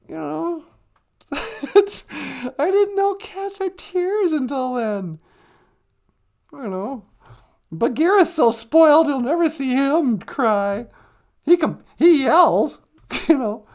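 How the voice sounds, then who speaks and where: A woman's voice: high voice, expressive, takes it slowly. A woman co-hosting a casual live stream, laughing often as she chats and reads out viewer comments. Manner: laughs often while talking. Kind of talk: casual chat with chat readers.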